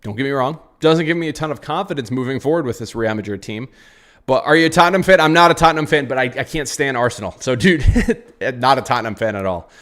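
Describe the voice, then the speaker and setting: A young man reacts live after a football match in an even, mid-pitched voice. He sounds frustrated and rambles, circling back over the same phrases and answering viewers' comments as they come in. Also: fast talker, hardly any pauses. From United States. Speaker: football channel host. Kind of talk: live post-match reaction reading chat.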